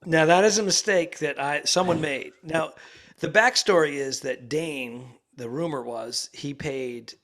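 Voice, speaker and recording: A man co-hosting a comedy podcast, chatting in a rambling, easygoing way from a quiet ensuite room in a rented house. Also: a little high, unhurried. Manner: rambling, easygoing, hesitant with fillers. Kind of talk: casual chat.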